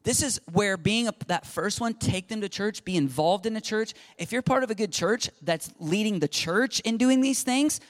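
A man in his forties with a high voice talks at a moderate pace, barely pausing, in a casual sermon on faith and parenting. The Christian speaker is sincere and spirited, performing the quotes he cites.

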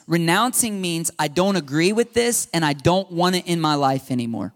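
A man in his thirties delivers a sermon in a conversational style, his voice slightly high and expressive at a moderate pace. This pastor repeats himself and drops in the occasional laugh.

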